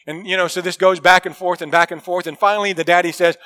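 A male preacher delivers a sermon in a high-pitched, bright voice. He talks earnestly and with emphasis, leaning on key phrases. He often sinks into quiet, intimate tones. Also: steady tone, fast talker, few pauses. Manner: earnest, emphatic preaching with dramatic drops to a hush; acts out quoted people in a story.

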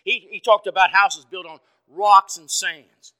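A man preaching an evening sermon in a folksy, conversational way, asking the congregation questions and swinging from loud to soft. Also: high voice, steady tone, measured pace, smooth. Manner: dynamic, swings from loud to quiet.

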